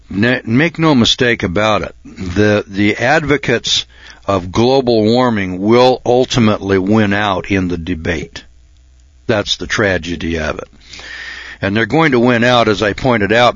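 A man giving an insistent speech, often clearing his throat and restarting his sentences. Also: lowish voice, a bit bright, dry recording. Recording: dull lo-fi recording.

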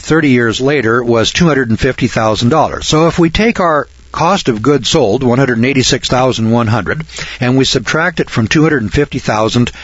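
A man's voice: medium pitch, a bit bright, no echo. A man lecturing through a list of figures, folksy and sarcastic, now and then breaking into mock amazement. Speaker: financial lecturer. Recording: dull, lo-fi dry recording.

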